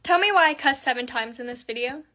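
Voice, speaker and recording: A woman's voice: high voice, animated, fast, bright, forceful tone, a little hiss or hum. A young woman doing a makeup tutorial voice-over, counting aloud and scolding herself in dramatic exasperation. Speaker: beauty creator.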